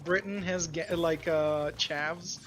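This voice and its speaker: A man's voice: on the high side, fairly even intonation, slow pace, noisy background. A man in his late twenties from the United States, hosting a live stream with casual, sweary, joking chat. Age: 20s. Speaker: streamer host.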